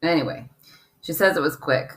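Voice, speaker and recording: A woman's voice: low voice, moderate pace. A woman co-hosting a casual podcast, eagerly telling stories and reading out listener emails. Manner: animated storyteller, reads listener emails. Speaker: podcast co-host, believer.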